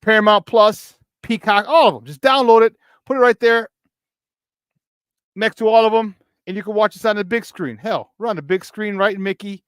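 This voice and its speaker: A man with a Chicago accent hosts a morning sports talk show with a hyped, slangy, playful delivery. His voice sits fairly high and sounds smooth and clear. The sound is dry and close. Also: normal speed, fairly bright tone, dry recording.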